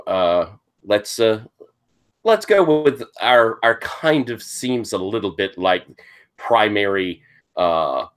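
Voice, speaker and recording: A man running a tabletop game over a video call, narrating scenes in an easygoing, rambling way. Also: fairly low pitch. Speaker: game master.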